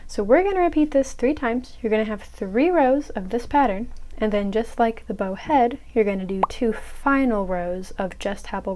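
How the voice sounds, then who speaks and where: A woman's voice: on the high side, expressive, moderate pace, a little mellow, a little hiss or hum, poor audio. A young woman casually explaining a crochet pattern step by step, with chatty, self-mocking asides. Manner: chatty, self-mocking asides, drops to a whisper when muttering to herself. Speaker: crochet tutorial host.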